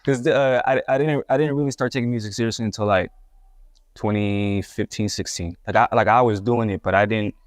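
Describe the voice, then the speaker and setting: His voice on the low side and steady, the young guest talks fairly quickly, with studio quality and no echo. A hip-hop artist from Puerto Rico, he shares his life story in casual interview storytelling, candidly rambling with frequent restarts.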